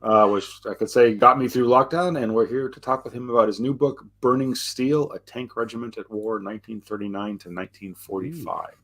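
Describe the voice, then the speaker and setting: A man's voice: mid-range voice, fairly quick, few pauses, fairly bright tone. A man co-hosting a casual history podcast, introducing a guest in an easygoing way and laughing often. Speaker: podcast co-host.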